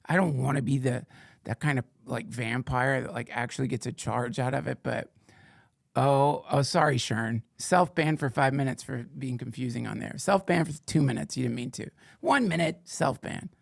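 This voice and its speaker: A man hosting a podcast in casual chat, rambling, excitable and swearing freely. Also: medium pitch, normal speed, vocal fry, no echo, studio quality. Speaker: podcast host.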